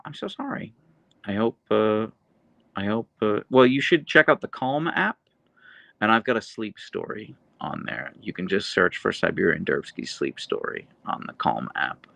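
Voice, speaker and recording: A man hosting a live stream, reading chat messages aloud in a dry, deadpan, casual way. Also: lowish voice, vocal fry, no echo. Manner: chatty, earnest, with restarts and laughs. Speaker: livestream host reading chat.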